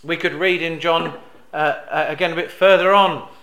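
A man preaching a sermon in a roomy, echoing hall. His voice sits a little high and sounds bright and forceful. He hesitates with fillers, then swells into loud, emphatic declarations. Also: fairly even intonation, moderate pace. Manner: rises to loud emphatic peaks on quoted cries; hesitant with fillers and restarts, drops soft on reflective lines.

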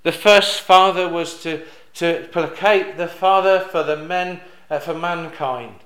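A man preaching a sermon. He drops soft on reflective lines, hesitates with fillers and restarts, and rises to loud, emphatic peaks on quoted cries. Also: on the high side, slow pace, reverberant.

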